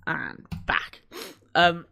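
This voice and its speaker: A man's voice: extremely slow, bright, forceful tone. A young man co-hosting a podcast, chatting casually, joking and swearing as he reads through lists. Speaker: podcast co-host. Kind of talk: casual chat.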